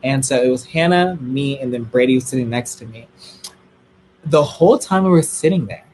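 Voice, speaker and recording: In a casual streaming chat before a live audience, a young man tells a dramatic, gossipy story, his voice jumping to squealing highs when he gets excited. He talks at normal speed, with a little hiss or hum in the recording.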